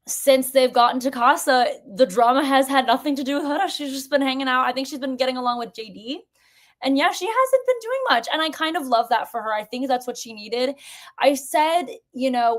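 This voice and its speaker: A woman co-hosting a live fan podcast, chatting casually in an emphatic, gossipy way. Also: fairly high pitch. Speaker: podcast co-host. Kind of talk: casual recap chat.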